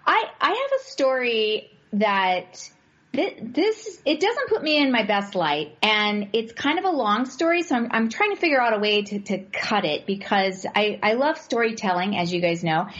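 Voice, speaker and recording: A woman hosts a casual podcast, her voice swinging widely in pitch. She keeps a playful tone as she talks to listeners. The recording is muffled. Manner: lively, playful. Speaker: podcast host. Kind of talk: casual chat.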